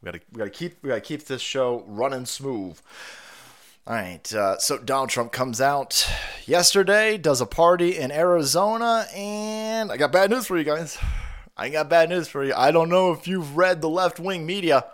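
On a casual livestream, a streamer with a cold-blocked nose and slight breathlessness rambles with sarcasm and swearing. His voice is a little high and fairly bright, animated, at a normal speed.

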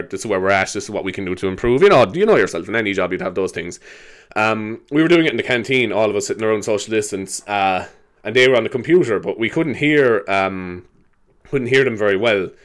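An Irish man with a lowish, slightly bright voice hosts a casual solo podcast. He rambles and laughs as he tells stories, slipping into silly voices along the way.

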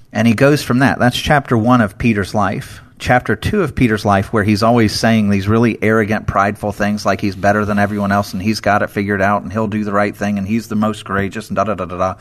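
A man's voice: lowish voice, level tone, fast, hardly any pauses. A man co-hosting a casual Bible discussion, explaining scripture in an earnest, emphatic way.

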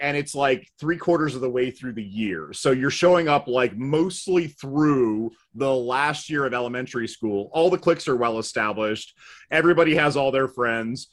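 A middle-aged man on a podcast, telling stories from his own life in a relaxed, wry voice. He makes fun of himself and shrugs off the hard parts with dry humor. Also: medium pitch. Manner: wry, self-deprecating storyteller. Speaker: podcast guest. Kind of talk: casual conversational storytelling.

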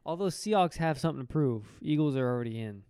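A man on a podcast, playful and teasing in loose sports chat. His voice sits at an everyday middle pitch. The sound is close and dry, with no room around it. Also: animated, quick pace, warm tone, clean tone, dry recording. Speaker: podcast co-host. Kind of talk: casual sports banter. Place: indoor podcast studio.

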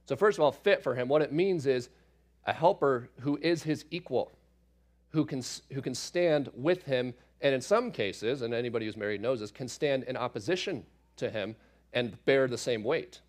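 A man, a father, teaching through a Bible passage in a relaxed, conversational way, with asides and fillers as he explains. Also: medium pitch, normal speed. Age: adult parent.

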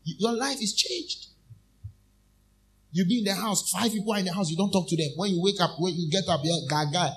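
A man's voice: high-pitched, fairly even intonation, brisk. A man preaching a sermon as a minister. He calls out questions to the congregation and draws out his key phrases with emphasis. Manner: call-and-response, repeating phrases to the congregation.

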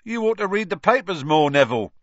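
A man voicing a brash, chatty young bus conductor, loud and excitable, on a dull lo-fi audiobook recording. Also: high-pitched, brisk, no echo, voice pushed up. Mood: mocking. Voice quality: loud, excitable, dropped grammar.

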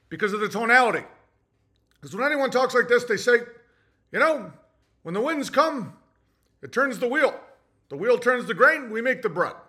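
A man's voice: very high-pitched, bright, forceful tone, exaggerated voice. A man doing a parody impression of an older former president in a matter-of-fact, musical cadence. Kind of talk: crude parody monologue.

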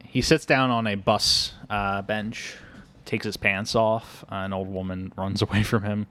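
A man's voice: on the low side, steady tone, measured pace, a bit bright. A man co-hosting a casual movie podcast, chatty and filling his talk with "like" as he recaps scenes. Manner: chatty, lots of "like", laughs easily. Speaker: podcast co-host.

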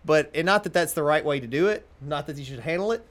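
Animated man in his forties telling stories. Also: a little high, fast talker. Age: 40s. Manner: animated storytelling, self-deprecating. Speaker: podcast host, lawyer. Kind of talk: casual chat.

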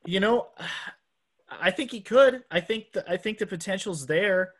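A man's voice: high-pitched, expressive, measured pace, fairly bright tone, slightly rough. Earnest man on a sports podcast. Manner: earnest, with frequent restarts. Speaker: podcast co-host. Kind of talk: casual sports chat.

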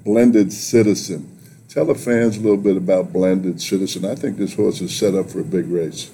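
Lower-voiced male podcast host. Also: steady tone, normal speed, dark tone, slight background noise. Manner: friendly, joking, leads questions. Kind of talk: interview podcast hosting.

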